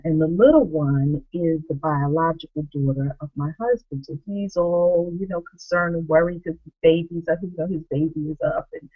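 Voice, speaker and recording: Woman vlogger in her 30s telling a story, jumps between voices, kinda dull lo-fi sound. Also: low-pitched. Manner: animated, acts out quoted voices. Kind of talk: storytelling to camera.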